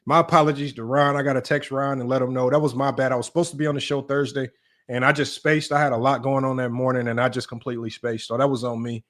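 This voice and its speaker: This man's fast, a bit bright mid-range voice barely moves in pitch as he streams basketball analysis live. He's argumentative and repetitive, hammering his points, addressing "y'all" and tossing "right?" at his chat.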